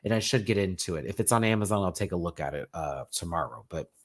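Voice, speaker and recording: A man's voice: deep voice, lively intonation, fast talker. A man who is feeling unwell and a little out of breath, hosting a casual live stream and affectionately preaching kindness to his viewers. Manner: affectionate, preachy, calls viewers baby and y'all. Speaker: drag show reviewer and live stream host.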